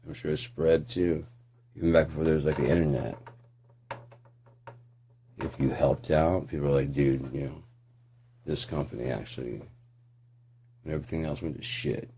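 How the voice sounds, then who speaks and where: A man's voice: a bass voice, flat delivery, moderate pace, long pauses, dark tone, slight background noise. A man ranting in a casual, profane, sarcastic monologue as a channel host.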